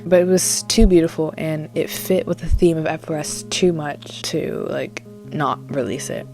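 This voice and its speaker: Young woman musician, late teens, low-pitched and mellow, animated vlog chatter. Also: moderate pace, soft background music. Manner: animated, dramatic and candid. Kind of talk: casual vlog talk.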